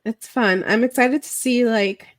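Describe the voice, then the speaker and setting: A woman co-hosting a casual podcast, mostly listening and giving short, relaxed reactions. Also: on the high side, a little slow. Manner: laid-back listener, short reactions and frequent laughs. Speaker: podcast co-host. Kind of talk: casual chat.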